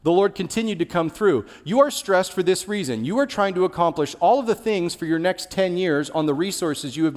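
A young adult male pastor giving a sermon in a candid, conversational way, sharing personal stories. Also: fairly high pitch. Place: large church hall. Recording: long reverb of a large hall.

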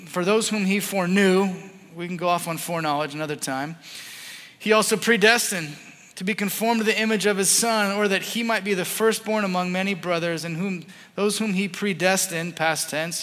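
A man in his thirties preaching a sermon, earnest and animated, swinging from loud to hushed. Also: high voice, moderate pace. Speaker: pastor. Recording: echoing hall reverb.

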